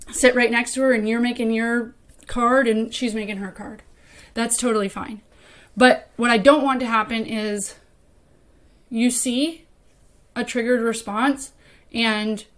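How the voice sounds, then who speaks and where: A woman with a slightly high voice gives a relaxed training lesson to mentors. She talks in an easy, chatty way and slips into little acted-out phrases to show what to say. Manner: conversational, acts out example phrases. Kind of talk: casual instructional talk.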